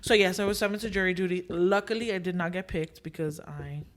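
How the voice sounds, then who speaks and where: This is a young female podcast host with a lowish voice at a fairly quick clip, recounting a story in easy conversation. She performs the dialogue with energy and mixes in Spanish filler words.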